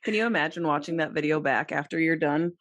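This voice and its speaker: Low-voiced joking young woman. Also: fast, a bit bright. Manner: joking, playful banter, swearing. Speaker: podcast co-host. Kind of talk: casual podcast chat.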